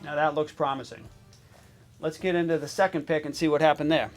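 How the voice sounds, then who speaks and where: A man hosting a comedic sports betting show. His delivery is mostly deadpan, and it breaks into excited coughing fits. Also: on the high side, fairly quick, faint music behind.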